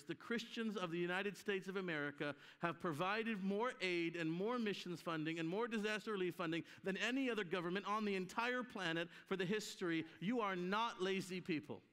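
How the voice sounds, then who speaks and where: Speaking in a high-pitched, slightly bright and smooth voice, this man is a guest preacher giving a conference sermon with emphasis. He acts out the people in his story, and the church hall recording carries a long, live reverb.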